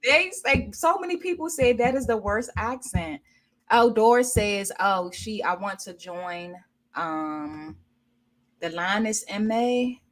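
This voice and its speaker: A woman's voice: mid-range voice, slow pace. A woman from Washington, D.C. hosts a casual livestream chat. She reads viewer comments aloud and rambles on in an easygoing way over a video call. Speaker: livestream host.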